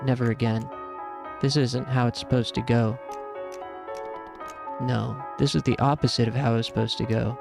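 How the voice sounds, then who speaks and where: A man's voice: medium pitch, little pitch movement, moderate pace, gravelly, long pauses, music in the background. A man streaming, reading a story game aloud in an earnest, reflective way.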